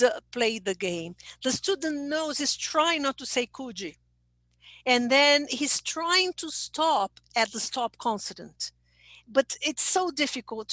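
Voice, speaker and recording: An older woman with a fairly high, slightly bright voice leads an online webinar as a teacher trainer. She explains things patiently, reads the chat aloud, and keeps checking in with "okay?" There is no room sound.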